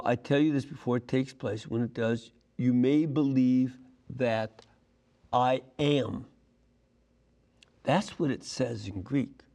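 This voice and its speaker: Male Bible teacher, warm mellow tone, careful explanatory delivery. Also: medium pitch. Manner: deliberate, explanatory, stresses key phrases. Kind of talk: scripture lesson.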